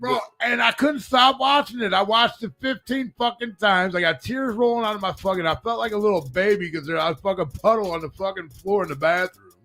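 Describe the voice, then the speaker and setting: A man's voice: high-pitched, fairly quick, hardly any pauses, bright, forceful tone, soft background music. A man co-hosting a live radio podcast, telling a crude story between bursts of laughter and heavy swearing. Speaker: co-host. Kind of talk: crude casual podcast banter.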